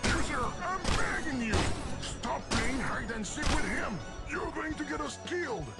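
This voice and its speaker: Jumpy game program w/ a funny accent, high voice, begging and fussing. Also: male voice, very animated, unhurried. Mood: fretful. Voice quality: odd foreign-sounding accent. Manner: fretful, pleading. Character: anxious game program, fussy and pleading. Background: game music.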